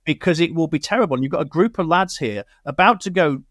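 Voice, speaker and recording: British male host, slightly high voice, dry close studio sound, chatty storyteller. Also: lively intonation, quick pace, a bit bright, no echo. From Britain. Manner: chatty, storytelling with quoted asides. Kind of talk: casual radio chat.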